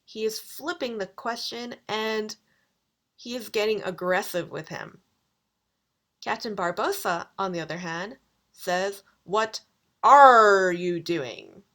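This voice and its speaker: A woman lecturer giving a recorded video lesson, explaining grammar slowly and deliberately. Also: medium pitch, a bit bright. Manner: slow, deliberate explanations with quoted examples. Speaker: university lecturer.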